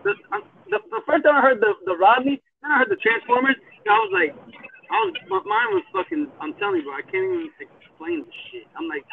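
A man in casual chat, excitable and cursing freely. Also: very high voice, quick pace, gravelly. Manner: excitable, cursing, laughing often. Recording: tinny phone line, distant from the mic, faint hiss.

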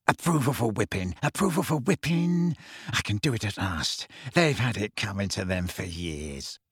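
A man voicing a gleeful, wheezy old male school caretaker who mutters hoarsely in a low voice. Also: big pitch swings, moderate pace, dry recording, clean studio sound, exaggerated voice. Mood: gloating.

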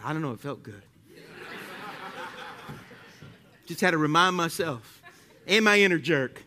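A male pastor with a Southern US accent preaching a sermon, swinging from loud, animated preaching to hushed prayer. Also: fairly high pitch, slow pace, long pauses, slight background noise.

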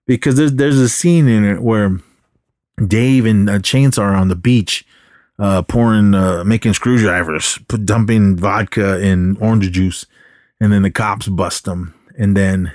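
Low-voiced man rambling through a film recap. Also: a little slow, a little mellow, dry recording, studio quality. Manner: rambling retelling with acted quotes. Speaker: podcast host.

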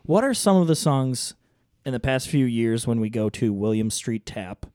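A podcast co-host chats casually, laughing often and restarting his sentences. His mid-range voice has lively intonation, a moderate pace, and a darkish tone, captured in a dry, studio-quality recording.

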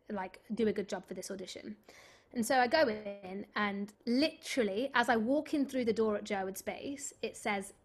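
A young woman, a stage actress, telling a story in a casual interview, chatty and animated, full of filler words. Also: medium pitch.

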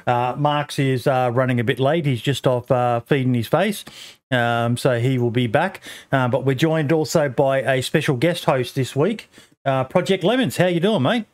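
A man's voice: medium pitch, normal speed. An Australian man hosting a casual podcast, talking bluntly with plenty of swearing and ums. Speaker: podcast host.

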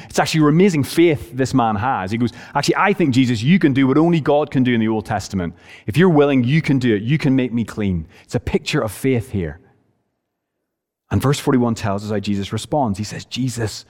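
Male preacher, emphatic and earnest, average pitch, echoing church hall. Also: a little mellow. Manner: earnest, emphatic, varies pace for stress. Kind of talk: sermon.

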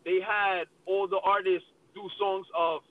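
Man, high voice, casual host, emphatic, filler-heavy, distant mic, faint noise. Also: level tone, a little slow, narrow, tinny audio. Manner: repeats fillers like "you know what I mean"; emphatic, argumentative. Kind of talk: casual debate chat.

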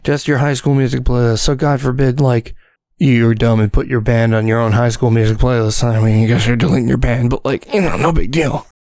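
A man's voice: mid-range voice, fairly even intonation, a little fast, darkish tone, dry recording. A man hosting a podcast in casual joking chat, goofy, bossy and mock-grandiose. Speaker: podcast host. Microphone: dynamic mic.

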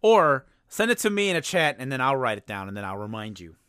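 A man's voice: mid-range voice, fast talker, smooth, dry recording. Male podcast host, casual and jokey, mid-range voice, dry close sound. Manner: jokey, relaxed, runs the segment. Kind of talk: casual chat.

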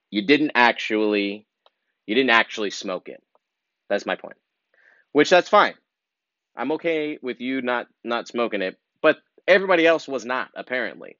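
A male comedian rambles through a monologue, full of fillers and sudden animated asides. His voice sits on the low side. The sound is dry and slightly dull, like a lo-fi recording. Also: no room sound.

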